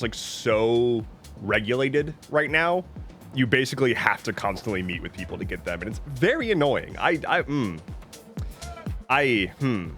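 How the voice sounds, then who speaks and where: Man, streamer, casual joking chat, animated pitch, soft background music. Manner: playful, joking, reads chat aloud.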